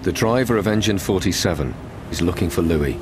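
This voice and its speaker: A man giving grave, measured scripted narration for a documentary. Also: low-pitched, animated. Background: music.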